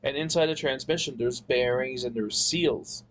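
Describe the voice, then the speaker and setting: A man's voice: medium pitch, moderate pace, slight background noise, poor audio. Rambling, profane man telling a story. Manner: rambling, profane, frequent restarts. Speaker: podcast guest. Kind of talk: casual storytelling.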